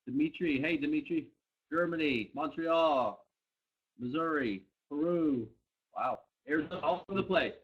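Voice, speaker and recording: A company co-founder co-hosts a live product training webcast, his voice on the high side, slightly rough, and moderately paced. Upbeat, he greets viewers by name and location, and the audio is dull and lo-fi.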